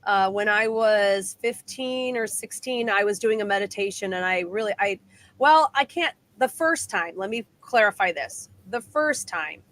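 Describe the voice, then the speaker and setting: A woman guest on a live talk show, telling a personal story in an animated way with quick restarts. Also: mid-range voice.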